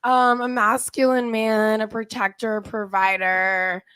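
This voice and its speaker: A raspy-voiced young woman, a guest on a podcast, arguing bluntly in heated casual talk. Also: on the high side, flat delivery, measured pace, pushed and bright, no echo, clean studio sound. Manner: blunt, argumentative.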